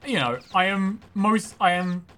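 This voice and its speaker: A man's voice: high-pitched, lively intonation, unhurried, pushed and bright. A man casually chatting and joking while playing a game on a livestream, swearing freely and poking fun at himself. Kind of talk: casual gaming livestream banter.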